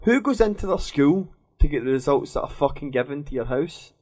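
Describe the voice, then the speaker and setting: A man's voice: fairly high pitch, animated, brisk, darkish tone. A man with a Scottish accent, co-hosting a podcast, blunt and argumentative in casual banter. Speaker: podcast co-host.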